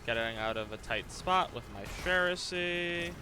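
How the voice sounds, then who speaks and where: A man's voice: a little high, expressive, moderate pace, over music. A man commentating his own live game stream, thinking aloud, stammering and repeating phrases, and swearing when things go wrong.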